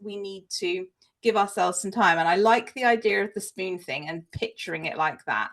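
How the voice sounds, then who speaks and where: A woman's voice: mid-range voice, moderate pace, creaky, fairly bright tone. A woman co-hosting a casual podcast, chatty and self-deprecating, laughing easily. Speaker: podcast co-host. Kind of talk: casual chat.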